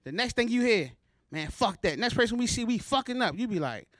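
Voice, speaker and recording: A man's voice: extremely high pitch, big pitch swings, fast, fairly bright tone, no room sound, studio quality. A stand-up comic from Baltimore works the stage with a loose, chatty, self-mocking delivery. His voice sits well above most men's. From Baltimore, USA. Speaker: stand-up comedian. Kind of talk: stand-up comedy set. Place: comedy show stage before a live audience.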